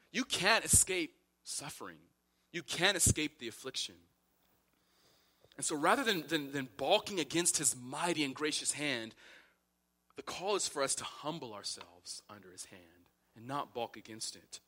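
A man's voice: on the high side, animated, normal speed, sharp tone. A man preaching a sermon as pastor, repeating phrases and building to impassioned emphasis.

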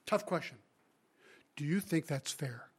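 Man, guest preacher, expository sermon, animated storytelling, rhetorical questions. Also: a little high, unhurried, slightly rough.

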